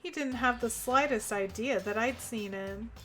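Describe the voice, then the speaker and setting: A woman reading the lines of a cold, arrogant rich teenage boy from a game, calm and dismissive. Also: on the high side, moderate pace, soft background music, close to an everyday voice. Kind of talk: reading game dialogue aloud.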